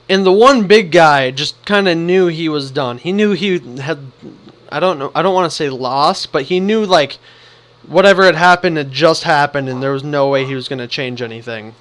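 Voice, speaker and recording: A young man vlogging a casual story, animated and acting out what people said. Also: fairly high pitch, normal speed, long pauses. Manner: animated, acts out the quotes.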